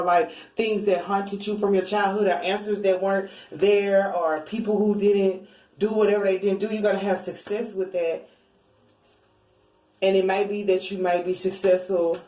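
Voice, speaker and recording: Tarot reader woman, relaxed chatty delivery, a little off-mic in an echoey room. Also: medium pitch. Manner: chatty, informal, laughs often. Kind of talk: casual spiritual reading. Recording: roomy, a bit far from mic.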